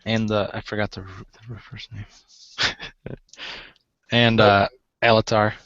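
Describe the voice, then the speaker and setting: A man's voice: fairly low pitch, little pitch movement, unhurried, a bit bright, muffled recording. Hesitant man running a tabletop game. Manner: hesitant, many fillers and restarts. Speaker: game master. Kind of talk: narrating a tabletop game over voice chat.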